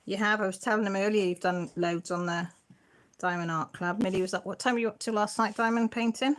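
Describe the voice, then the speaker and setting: A woman's voice: medium pitch, steady tone, a little fast. A middle-aged woman, hosting a casual livestream and chatting and teasing as she answers viewer comments. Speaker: channel host.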